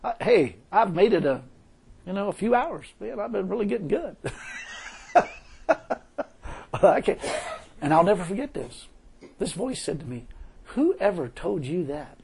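A man's voice: high voice, big pitch swings, moderate pace, creaky, pauses often, darkish tone, slight background noise. A man preaching an informal sermon mixed with his own testimony, talking conversationally, repeating phrases and chuckling often.

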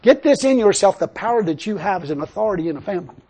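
A man's voice: high voice, animated, very fast, dark tone, slightly rough. An older man preaching a sermon, telling a personal story and then building into emphatic preaching. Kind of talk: sermon testimony.

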